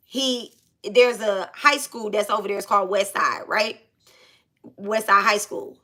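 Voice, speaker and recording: Animated Black woman telling a story. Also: medium pitch, measured pace. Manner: animated, repeats phrases, swears freely. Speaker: channel host. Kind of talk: casual storytime.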